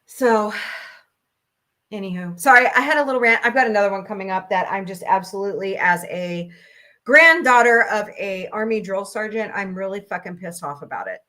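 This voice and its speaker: A woman's voice: medium pitch, animated, normal speed, sharp tone. A woman in her forties hosting a casual talk stream, ranting bluntly and profanely, laughing often. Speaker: host.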